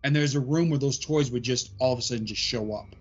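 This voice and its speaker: A man's voice: medium pitch, quick pace, highs cut off. A man guesting on a podcast as a paranormal investigator, explaining at length with many "um" fillers. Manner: rambling explanations full of "um" fillers. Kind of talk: casual podcast chat.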